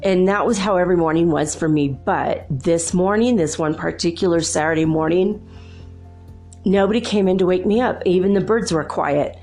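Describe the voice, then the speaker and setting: A woman's voice: lowish voice, moderate pace, soft background music. Chatty laughing woman telling a story. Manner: animated, laughs often, chatty. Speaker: host. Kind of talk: casual spiritual storytelling.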